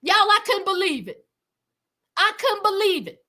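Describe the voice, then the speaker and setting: Bright, high-voiced woman recapping TV. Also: measured pace. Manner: animated, exclaiming, talks to viewers directly. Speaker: reality TV recap host. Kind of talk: casual recap commentary.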